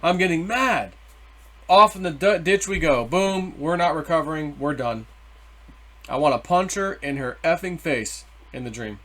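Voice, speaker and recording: Middle-aged man, rambling excitable storyteller, slightly high voice. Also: moderate pace. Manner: rambling, excitable, swears and self-censors. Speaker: vlogger. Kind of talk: casual storytelling.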